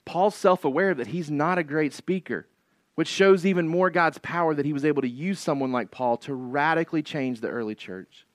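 Conversational, higher-voiced male pastor. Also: normal speed, no room sound. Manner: conversational preaching with frequent "right?" and "like"; emphatic, repeats key phrases for effect. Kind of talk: expository sermon.

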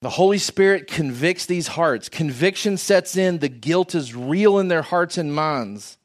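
A man's voice: fairly high pitch, lively intonation, measured pace. A man preaching a sermon in an earnest, emphatic way, often asking rhetorical questions.

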